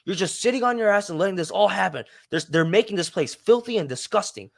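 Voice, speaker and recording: A man voicing an enraged, entitled man yelling about his park, indignant and loud. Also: medium pitch, expressive, fast. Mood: furious ranting.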